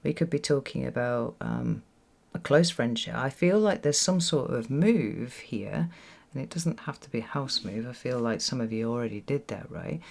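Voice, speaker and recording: The voice is medium-pitched, expressive and creaky, with a moderate pace. It belongs to a tarot reader doing a thoughtful solo reading to camera, repeating words for emphasis and checking in with "right?" at home with children nearby.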